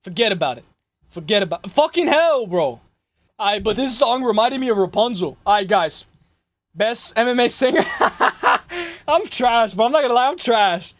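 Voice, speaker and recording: A man's voice: sits high, expressive, moderate pace. A young man hosting a casual livestream chat with slangy, rambling talk, his voice a little worn out, constantly repeating "guys". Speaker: livestream host.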